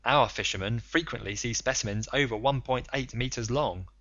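A man narrating a novel in the first person, in a measured, explanatory manner. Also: medium pitch, fairly bright tone, dry recording, highs cut off. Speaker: audiobook narrator.

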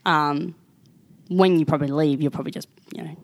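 Aussie girl with a low voice, chatty, acts out every quote. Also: fairly quick. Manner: animated storytelling, acts out quotes, swears freely. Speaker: podcast co-host. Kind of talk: casual chat.

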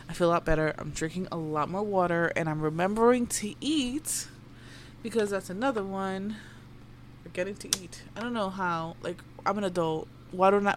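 A woman's voice: on the low side, a little hiss or hum. A young woman hosting a podcast, ranting candidly and rambling, swearing freely and dropping Spanish phrases. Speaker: podcast host. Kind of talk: casual personal rant.

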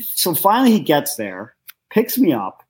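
Ohio co-host, husky mid-pitched voice, animated profane storyteller. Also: normal speed. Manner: animated, swears, acts out quotes. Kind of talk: casual storytelling chat.

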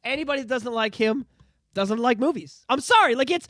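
A man hosting a casual podcast, ranting excitedly about movies and swearing freely. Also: extremely high pitch, brisk, no echo. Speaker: podcast host. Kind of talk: casual chat.

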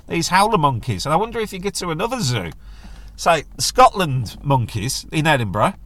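A man's voice: fairly high pitch, sing-song, normal speed, a bit bright. A middle-aged man, hosting a casual solo podcast in a jokey, rambling manner. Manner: chatty, jokey, does silly voices when quoting others. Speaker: podcast host.

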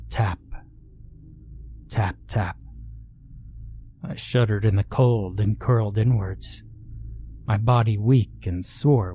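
Male horror narrator; deliberate, slow delivery, dark mellow tone. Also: fairly low pitch, a little hiss or hum. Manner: measured, deliberate storytelling. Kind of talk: scripted horror story narration.

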